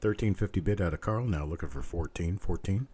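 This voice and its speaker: Hoarse guy running a coin auction, super low, dark voice, calls bids over and over. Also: a little fast. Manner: steady bid-calling chant with chatty asides. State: losing his voice, hoarse. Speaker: live coin auction host.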